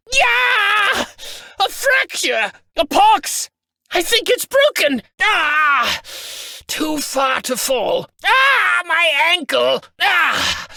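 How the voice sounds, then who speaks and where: A man's voice: creaky, dry recording, heavily acted. A man voicing a snobby, greedy, self-absorbed noble in a game, with pompous, fussy delivery. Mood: pained. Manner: pompous, fussy, high-pitched shouting. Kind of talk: video game voice lines. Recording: dry studio.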